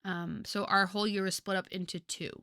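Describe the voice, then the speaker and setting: A woman's voice: mid-range voice, a little fast, no room sound, studio quality. A woman in her twenties chatting casually with viewers as a streamer, chatty with lots of fillers. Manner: chatty, lively, filler-heavy.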